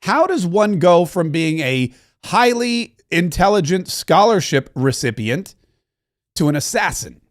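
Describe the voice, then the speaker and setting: Male commentary host, high-pitched, sarcastic and emphatic delivery. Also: sing-song, unhurried, no room sound, studio quality. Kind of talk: opinionated commentary.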